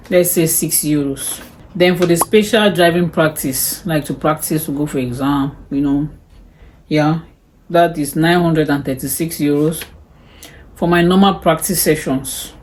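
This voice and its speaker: A woman's voice: sits low, noisy background. Chatty woman vlogger tallying costs. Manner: chatty, exclaims and sighs over the costs. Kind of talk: casual cost breakdown talk to camera.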